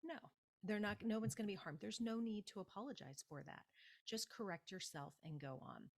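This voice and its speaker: A woman speaking as a public speaking coach in an interview, giving emphatic, animated advice and acting out example phrases. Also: mid-range voice, fairly quick, gravelly.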